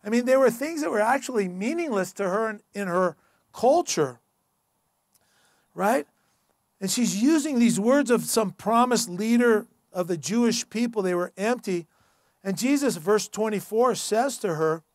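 A man's voice: high voice, expressive, unhurried, no echo, clean studio sound. A man pastor preaching a sermon in church, earnest and emphatic in a conversational way.

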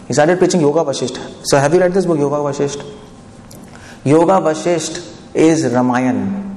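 A man's voice: medium pitch, a little mellow. A man giving a devotional lecture, chatty and often asking the audience questions. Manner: conversational, asks the audience questions. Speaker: preacher. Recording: echoey hall, faint background noise.

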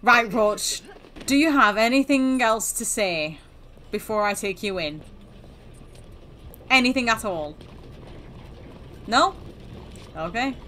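A woman's voice: a little high, animated, takes it slowly, pauses often, bright, forceful tone, slight background noise. A woman hosting a gaming channel, chatting playfully and teasing through her game commentary.

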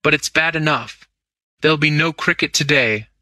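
A man voicing a brisk aristocratic lord who gives clipped, commanding orders. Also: a little high, pushed and bright, no echo, studio quality. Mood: grave.

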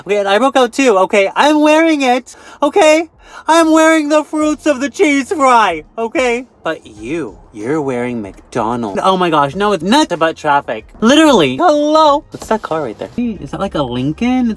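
A man playing a gossipy, judgmental valley-girl woman vlogger who fills every phrase with "like" and "okay?", speaking from a parked car. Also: high-pitched. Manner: gossipy, endless "like" and "okay?", mocking giggles. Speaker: comedy sketch host. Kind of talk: comic character monologue.

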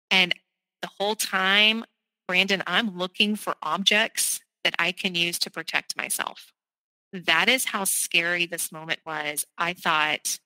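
A woman, telling her personal story as a podcast guest in a vivid, animated way. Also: on the low side, slow pace, no room sound, poor audio. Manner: animated, vivid retelling with quoted voices.

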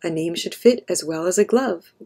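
A woman's voice: on the low side, moderate pace, dark tone. A woman voicing an earnest, generous young boy in a storybook.

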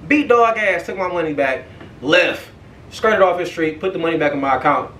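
A young man hosting a podcast, telling a story in a casual, profane, animated way and often checking in with "right?". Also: fairly high pitch, moderate pace, slight background noise. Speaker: podcast host. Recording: echoey room, far from the mic.

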